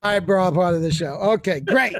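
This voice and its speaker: A man hosting an online open mic, teasing the comics with quick laughing asides over a video call. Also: high-pitched, animated, gravelly. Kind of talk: casual hosting banter.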